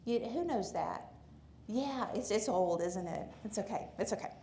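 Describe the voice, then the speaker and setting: A woman with a Southern drawl tells a story to a church audience, animated and chatty. She turns to the listeners with questions as she goes. Her voice sits in a middle range over a faint background hum. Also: medium pitch, moderate pace. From Alabama, USA. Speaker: conference speaker. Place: church hall with a live audience.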